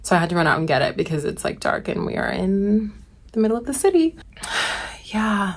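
A woman's voice: fairly low pitch, a little fast, darkish tone. A woman in her twenties, a medical student, talking casually and candidly to a handheld phone camera. She chats freely and fills her sentences with "like". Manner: chatty and candid, peppered with "like". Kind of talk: casual vlog chat to camera.

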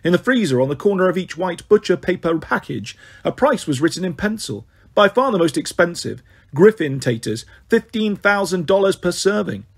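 A man narrates a fantasy audiobook in an expressive storytelling manner. His voice sits high for a man and has a breathy, husky edge. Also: moderate pace.

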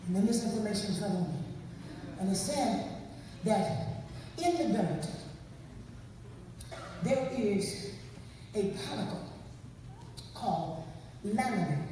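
A woman preacher, giving a sermon that swings from quiet storytelling to shouted calls, repeating her words and calling out to the congregation. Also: mid-range voice, slight background noise. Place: large church hall. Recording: echoey hall, mic heard from far off.

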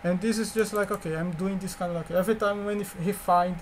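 A course instructor whose first language is Portuguese teaches a coding lecture haltingly, full of fillers, restarts and repeated words. His voice is high-pitched with fairly even intonation, and a little hiss or hum runs underneath.

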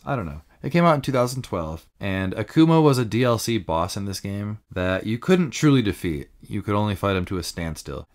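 A man's voice: low-pitched, vocal fry. A man co-hosting a podcast, chatting casually about fighting games with frequent laughs and loose filler words. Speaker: podcast co-host.

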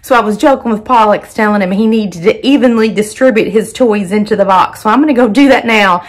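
A woman's voice: medium pitch, a little fast. A woman, chatting casually to her viewers and her dogs at home, laughing often. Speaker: vlogger, dog owner. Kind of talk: casual vlog narration talking to her dogs. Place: home and backyard.

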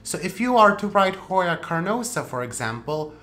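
A woman hosting a plant channel, explaining rules in a casual, playful way with sharp jumps for emphasis. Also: fairly low pitch, very animated, normal speed. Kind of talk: casual instructional talk.

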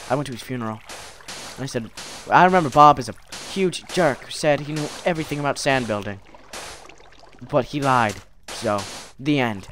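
A man's voice: medium pitch, a bit bright, a little hiss or hum. A man rambling goofily through let's play commentary, with mild mock curses and silly tangents. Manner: rambling, goofy, mock cursing. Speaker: gaming video creator.

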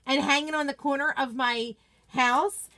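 A woman's voice: sits high, fairly even intonation, unhurried, bright, forceful tone. A woman hosting a casual livestream, gushing enthusiastically over products and chatting with viewers. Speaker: craft seller host. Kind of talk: casual livestream chat reading viewer comments.

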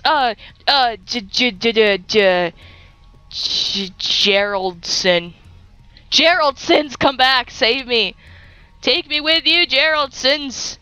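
A young woman giving playful, excitable commentary while playing a video game, joking and talking to the creatures she meets. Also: medium pitch, clear, resonant tone, no room sound. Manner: giggly, silly and excitable, talks to game creatures. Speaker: gaming YouTuber.

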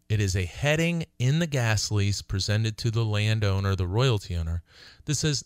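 Middle-aged guy lawyer hosting a radio show, emphatic, reads the fine print slow, smooth resonant voice, dry sound. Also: fairly low pitch, expressive, no echo. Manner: emphatic, slows down to read contract text aloud. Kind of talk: explanatory radio talk.

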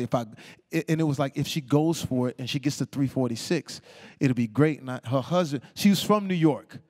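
A man telling stories as a guest on an auditorium stage, animated and laughing, acting out the people he quotes in voices. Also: on the high side, moderate pace. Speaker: interview guest. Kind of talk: live stage storytelling. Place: stage in a large auditorium before an audience. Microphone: stage microphone.

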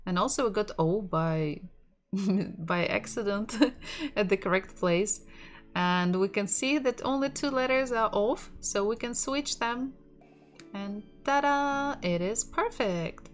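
A woman with a Russian accent runs a relaxed online lesson in a voice of middling pitch. She takes her time, saying words aloud and repeating them, with a light laugh now and then. Soft music plays faintly underneath. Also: takes it slowly. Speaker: Russian language teacher. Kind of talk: casual online language lesson.

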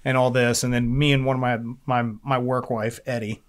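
A man's voice: mid-range voice, flat delivery, normal speed. A man on a recovery podcast, telling a long story in casual chat, rambling and swearing often, with many fillers and restarts.

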